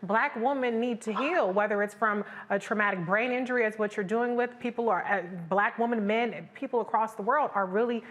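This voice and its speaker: Woman host, bit high voice, effusive, moving the panel along. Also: brisk, hardly any pauses, fairly bright tone, dull audio. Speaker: talk show host. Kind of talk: hosting a panel talk show.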